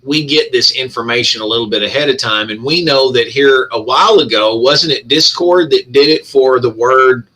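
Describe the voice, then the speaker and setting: A man's voice: mid-range voice, moderate pace, few pauses, sharp tone, rough recording. A man co-hosting a casual podcast chat, swearing freely and ranting with emphasis. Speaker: podcast co-host.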